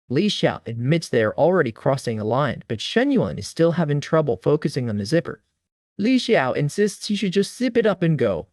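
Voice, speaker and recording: Man, scripted story narration, wry even delivery, slightly raised pitch, dry sound. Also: dry recording. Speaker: recap narrator.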